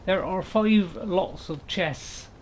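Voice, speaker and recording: A man's voice: sits high, takes it slowly, slight background noise. A middle-aged man chatting casually with his live-stream viewers while he plays, rambling and joking with plenty of restarts. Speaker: gaming streamer.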